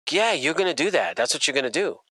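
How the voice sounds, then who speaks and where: A man voicing a male debt collector on the phone, flat, low-key and quietly threatening. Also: fast talker, no room sound, heavily acted. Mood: deadpan threat.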